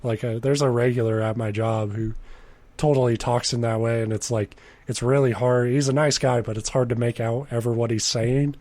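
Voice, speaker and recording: A man co-hosting a podcast reads a creepy story aloud and jokes about it with a friend, laughing often and putting on mock voices when quoting, in a mix of casual chat and reading aloud. His mid-range, darkish voice is fairly even at a moderate pace, with no room sound.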